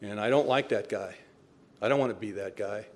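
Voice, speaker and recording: A man's voice: fairly low pitch, fairly quick. A middle-aged man speaking at a recovery meeting, telling his own story with candid, self-mocking humor and frequent chuckles.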